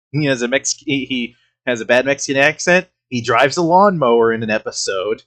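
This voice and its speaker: Man, casual reaction commentary, mid pitch, frequent laughs, loose swearing. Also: moderate pace, a bit bright. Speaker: reaction streamer host.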